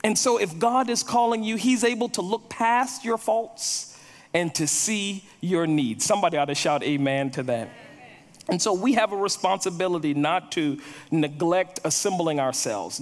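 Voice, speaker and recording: Male pastor, sermon, storytelling delivery with repeated words, high voice, echoey hall. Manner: storytelling, repeats words when building a point.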